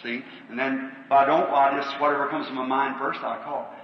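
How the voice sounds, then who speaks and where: On an old tape captured from far off in an echoey large auditorium, a man with a Southern American accent preaches a revival sermon and healing line, calling numbers to the crowd. He sounds folksy and earnest, speaking a little fast in a mid-range voice with fairly even intonation. The sound is lo-fi.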